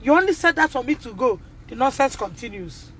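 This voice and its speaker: A woman's voice: high voice, expressive, brisk, a bit bright, a little hiss or hum. A Nigerian-accented woman, a pupil's mother, speaking in an emphatic, indignant way and repeating her points as she addresses the school directly. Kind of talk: impassioned live video appeal.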